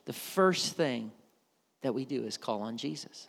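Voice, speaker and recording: A man's voice: mid-range voice, animated, normal speed, big-room sound. A man preaching a sermon as a pastor, conversational, with frequent restarts and repeated words.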